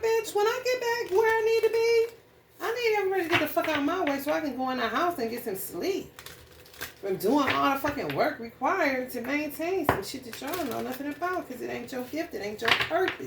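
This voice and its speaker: A woman's voice: high voice, lively intonation, a little fast. Blunt, profane woman in an echoey room. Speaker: astrology reader. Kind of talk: casual spiritual reading and rant. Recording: echoey room, distant mic, faint noise.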